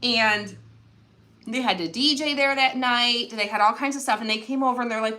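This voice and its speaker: A woman's voice: on the high side, moderate pace, sharp tone. A woman, earnestly telling a personal story to her viewers. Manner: emotional, earnest, addresses viewers as y'all. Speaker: craft channel host.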